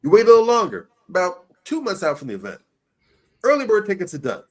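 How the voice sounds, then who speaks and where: A fairly high-voiced man hosts a casual podcast with a preachy, emphatic delivery. He poses rhetorical questions and answers them himself, leaning hard on key phrases. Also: wildly swooping pitch, quick pace. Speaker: podcast host.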